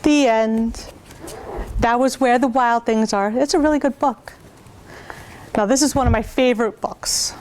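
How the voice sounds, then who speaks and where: A woman reading picture books aloud at a preschool storytime, pausing to point out pictures to her young listeners. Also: a little high, a little mellow, slight background noise.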